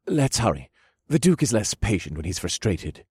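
A man's voice: fairly low pitch, sing-song, moderate pace, darkish tone, slightly rough, no echo, clean studio sound, full character voice. A man doing a polite, kindly manservant. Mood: friendly. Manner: courteous, deferential. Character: polite young male head servant, kind and brisk. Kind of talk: audiobook character voice.

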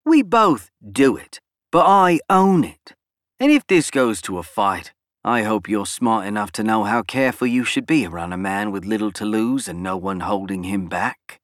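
An arrogant, scheming politician, put on by a male narrator for an audiobook. He snaps his words out boastfully, pitched noticeably above the narrator's own voice. The sound is close and dry. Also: lively intonation, normal speed, a bit bright, dry recording. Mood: threatening. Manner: snapping, boastful, raised pitch.

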